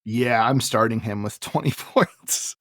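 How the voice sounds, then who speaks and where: A man's voice: mid-range voice, a little slow, fairly bright tone, dry recording. A man co-hosting a casual podcast, recapping events with dry, wry sarcasm. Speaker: podcast co-host.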